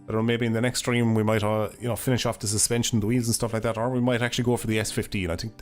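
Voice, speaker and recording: Irish man, hoarse, casual game stream chat, rambling and sweary, faint music behind. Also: lowish voice, little pitch movement, rapid-fire. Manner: rambling, swears freely, laughs often. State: hoarse, voice failing. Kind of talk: casual livestream chat while gaming.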